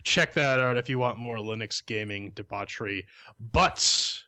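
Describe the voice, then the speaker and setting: Man from Canada, co-host, bright tone, rambling, dry sound. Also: mid-range voice, moderate pace, no room sound. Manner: rambling, joking, repeats words. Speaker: podcast co-host. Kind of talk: casual podcast banter.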